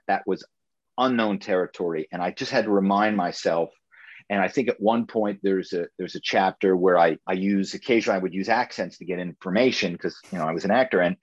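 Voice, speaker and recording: A middle-aged man, an author being interviewed, talking in an animated, storytelling way with frequent restarts. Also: lowish voice, dry recording, lo-fi sound. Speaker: author and guest. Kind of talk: casual interview chat.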